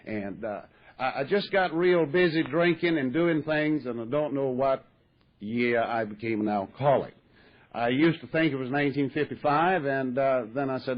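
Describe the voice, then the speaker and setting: A man's voice: mid-range voice, normal speed. An older man, telling his recovery story with folksy wry humor. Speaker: AA speaker. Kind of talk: recovery talk to an audience. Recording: muffled vintage tape recording.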